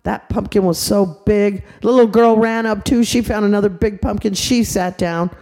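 An older woman narrating an improvised bedtime story in a chatty, animated way, tossing in sound effects. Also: medium pitch, normal speed. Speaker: storyteller grandmother.

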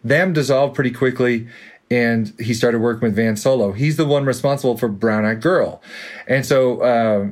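A man's voice: medium pitch, moderate pace. A man with a light Boston accent telling a long story in a casual interview, with many fillers and restarts. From Boston area, USA. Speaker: author guest.

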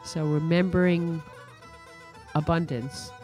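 Interview guest, psychologist, mellow and gentle, faint music behind. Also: medium pitch, steady tone, slow. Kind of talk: interview answer.

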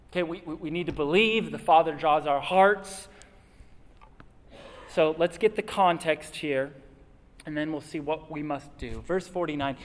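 A man preaches with a raised, slightly high voice, earnest and questioning, walking his listeners through each point. His words ring out with a long hall reverb, as in a large church sanctuary. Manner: earnest, asks and answers rhetorical questions. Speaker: pastor. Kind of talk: sermon.

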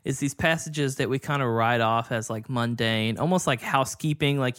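A man with a mid-range voice talks casually about scripture. He is relaxed and conversational, with frequent fillers and an easy laugh. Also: medium pitch, moderate pace, few pauses. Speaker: podcast co-host. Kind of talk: casual Bible study discussion.

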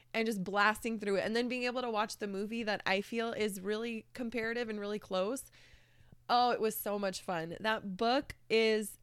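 A woman's voice: medium pitch, clean tone, no room sound. Chatty, earnest woman recommending books. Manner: chatty, swears casually, many fillers; earnest, emotional. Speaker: book vlogger. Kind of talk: casual chat.

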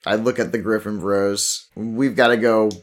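A man's voice: on the low side, steady tone, normal speed. A man playing his character in a tabletop game, upbeat and decisive. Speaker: player.

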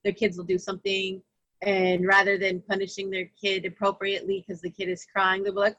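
A woman in a casual group podcast, explaining her views in an animated way and giggling often. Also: mid-range voice, a little fast, no room sound, highs cut off.

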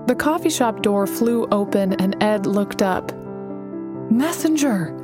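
A woman narrating a novel in a gentle, even storytelling voice. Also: mid-range voice, unhurried, music in the background. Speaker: audiobook narrator. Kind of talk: scripted narration.

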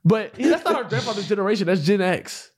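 A young man with a notably high voice, chatting casually on a livestream. He argues his points stubbornly and breaks into laughs often. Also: sing-song, fast, husky. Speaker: stream co-host.

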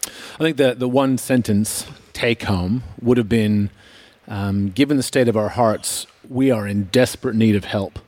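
Man, preacher, slow measured delivery, low voice, dry close sound. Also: darkish tone, no echo. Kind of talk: casual podcast chat.

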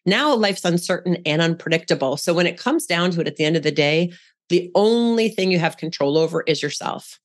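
A woman's voice: fairly low pitch, animated, a little fast. A woman speaking as a podcast guest in casual conversation, frank and down-to-earth, with a coaching tone.

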